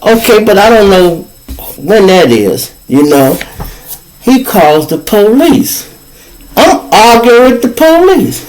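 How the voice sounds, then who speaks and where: A man's voice: mid-range voice, darkish tone, poor audio. A man from Chicago with a Chicago accent, hosting his own show and telling a street story in casual, profane slang, acting out both sides of the argument. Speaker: podcast host telling a story.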